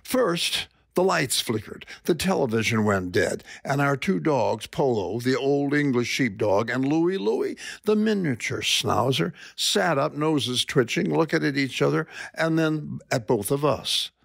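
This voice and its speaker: A man's voice: medium pitch, lively intonation, measured pace, vocal fry, few pauses, no echo, clean studio sound. An older man reading his own column aloud as wry, dramatic personal storytelling.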